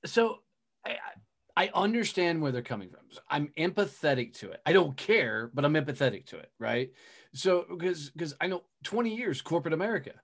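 A man's voice: on the high side, sing-song, brisk, vocal fry. A middle-aged man in a casual chat, blunt and punchy, swearing freely as he tells stories. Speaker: guest, speaker and business owner.

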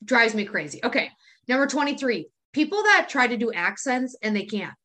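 Bright-voiced woman, laughing and exasperated. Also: fairly high pitch, sing-song, moderate pace. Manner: exasperated, laughing, profane list of pet peeves. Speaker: podcast co-host. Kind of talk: casual podcast chat.

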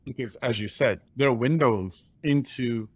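A man hosting a relaxed interview, who keeps affirming and building on his guest's points. His voice sits at a mid pitch, and the recording is dry and close. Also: measured pace, slightly rough, no room sound. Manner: affirming, reflective, agrees often. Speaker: host. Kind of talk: casual interview chat.

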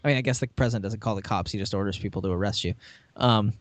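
A man's voice: on the low side, racing, dry recording. A man co-hosting a podcast, chatty and full of "you know", retelling a TV episode with laughs. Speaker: podcast co-host. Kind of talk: casual chat recapping a TV episode.

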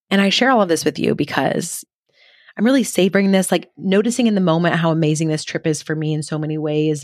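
A woman's voice: sits low, no echo, studio quality. A woman hosting her own podcast as a motivational speaker, telling a personal story in a gushing, upbeat way with lots of "like" and "oh my gosh".

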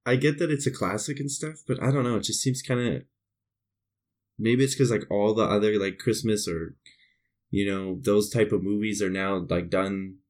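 Podcast guy, lowish voice, rambles a lot, laughs, swears casually. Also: fairly even intonation, normal speed, darkish tone. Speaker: podcast co-host. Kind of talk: casual chat.

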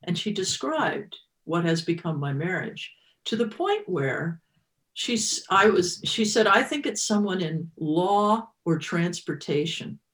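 A woman's voice: fairly low pitch, big pitch swings, slow, a bit bright. A woman in her fifties telling a personal story as an interview guest, reflective and emotional, with many restarts.

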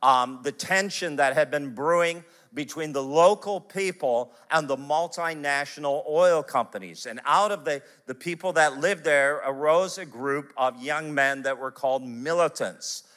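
A man preaches to his congregation with a bright, forward voice. He tells stories in animated bursts and leans hard on the key lines. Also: a little high. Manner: animated storyteller, quick bursts of emphasis. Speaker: pastor. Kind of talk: sermon with personal stories.

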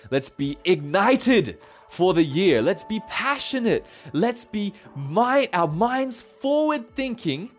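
A man preaching a sermon as pastor, conversational and animated, laughing often as he talks. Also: medium pitch.

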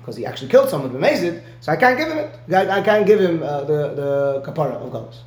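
A man's voice: on the high side, very animated, fast, a little mellow, echoey room. A man giving a one-on-one Talmud lesson, explaining step by step and often checking in with "right?". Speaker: Talmud teacher.

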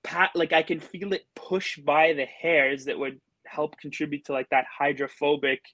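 A man's voice: fairly high pitch, level tone, normal speed, pushed and bright, dry recording. Man, podcast guest, casual rambling storytelling, lots of fillers, dry close sound. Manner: rambling, filler-heavy with many likes.

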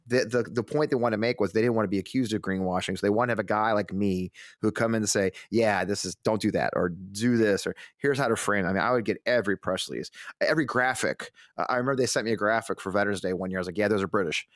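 A man, an army veteran and strategist, telling stories as a guest in a casual conversation, animated and full of restarts, acting out quotes. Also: on the low side, no echo, studio quality. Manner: animated, quick, many restarts, acts out quotes.

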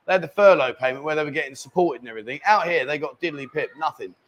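A man's voice: on the high side, racing, a bit bright. A man hosting a casual live stream from a bar, bantering and reading out viewer comments. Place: bar lounge.

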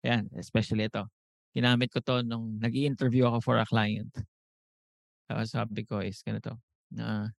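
A man with a Filipino accent hosting a podcast, coaching listeners in casual Taglish and acting out both sides of sample conversations in lively voices. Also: lowish voice, fairly quick, vocal fry, long pauses, no room sound. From Philippines. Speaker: podcast host and business coach.

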